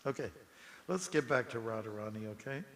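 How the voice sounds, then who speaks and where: A man giving a scripture class in a temple hall, telling relaxed anecdotes with chuckles and asides to the audience. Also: medium pitch, a little fast. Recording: long hall reverb with faint hiss.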